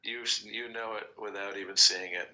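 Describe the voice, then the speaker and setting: A man co-hosting a podcast in casual chat, joking and firing off quick questions. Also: lowish voice, steady tone, bright, forceful tone, slight background noise, poor audio.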